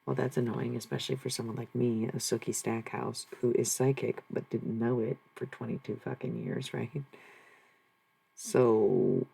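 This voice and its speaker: A streamer talking to chat in a loose, rambling way, with swearing thrown in. The voice sits at a middle pitch with a gravelly, fried edge. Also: expressive, normal speed, mellow, low-quality recording. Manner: rambling, profane, talks back to chat. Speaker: live streamer. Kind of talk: casual live-stream chat.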